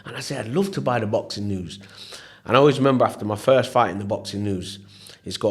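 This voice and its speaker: Animated Leicester man telling stories. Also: on the low side, quick pace, husky. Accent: Leicester English. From England. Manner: animated storyteller, acts out voices, repeats "you know what I mean". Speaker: interview guest, former professional boxer. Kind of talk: storytelling in casual interview chat.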